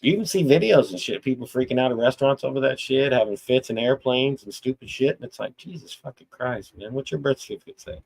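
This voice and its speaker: A man's voice: mid-range voice, lively intonation, quick pace, vocal fry, few pauses, darkish tone, slightly rough, low-quality recording. A middle-aged man hosting a live chat stream, talking bluntly and profanely in a rambling, casual rant full of restarts.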